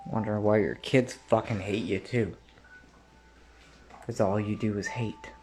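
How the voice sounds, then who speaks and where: Man, ranting to camera, profane, throat-clearing, voice slightly low. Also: fairly even intonation, a little slow. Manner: profane, ranting, rising to shouts. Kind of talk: angry direct-to-camera rant.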